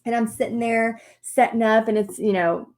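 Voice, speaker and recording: A woman telling a personal story to an audience in a lively way, acting out what people said. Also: a little high, normal speed. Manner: animated storytelling with acted-out quotes. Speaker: paint party business teacher.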